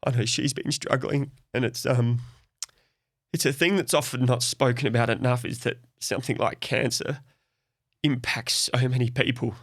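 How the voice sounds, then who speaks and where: Soft-spoken Australian man, dry close sound. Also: medium pitch, fairly even intonation, moderate pace, dry recording. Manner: open, reflective, soft-spoken. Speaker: podcast guest. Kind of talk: candid podcast conversation.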